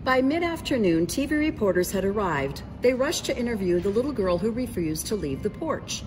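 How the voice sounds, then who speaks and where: A woman's voice: mid-range voice, sing-song, normal speed, background noise. A woman reading a children's picture book aloud, narrating expressively and voicing the characters.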